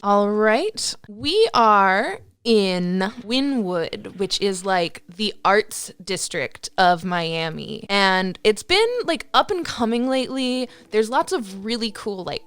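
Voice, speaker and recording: A woman's voice: medium pitch, clean tone. Casual woman game master. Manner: casual, relaxed, uses "like". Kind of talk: narrating a tabletop game.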